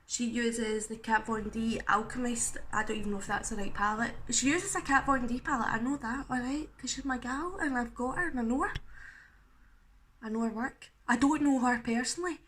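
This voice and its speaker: Bright, chatty young woman. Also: on the high side, moderate pace, slight background noise. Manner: chatty, self-mocking, swears, laughs at herself. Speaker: makeup vlogger. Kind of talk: casual makeup tutorial chat.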